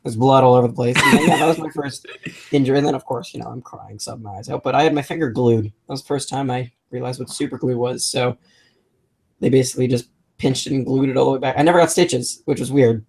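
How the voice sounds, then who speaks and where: A man's voice: medium pitch, huge pitch swings, fast talker, creaky, breathy edge. A young adult man co-hosting a maker podcast, telling rambling stories in casual chat with many restarts. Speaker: podcast co-host.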